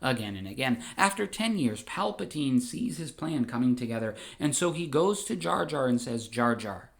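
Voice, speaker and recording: A man narrating a comedic audio story in a brisk, deadpan way. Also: medium pitch, gravelly.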